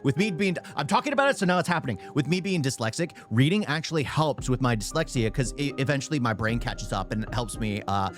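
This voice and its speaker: A young man reacts to a video on stream in a loud, quick, stumbling ramble, stuttering and repeating phrases as he goes. His voice sits at a middle pitch, with faint music under it. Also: animated. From United States. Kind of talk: casual reaction commentary.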